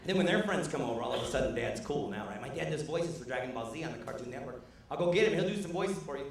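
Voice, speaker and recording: A middle-aged man doing a stand-up comedy set, animated and quick to jump into put-on voices. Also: slight background noise. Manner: animated, jumps into high put-on character voices. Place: comedy club stage. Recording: distant mic in a loud echoey club.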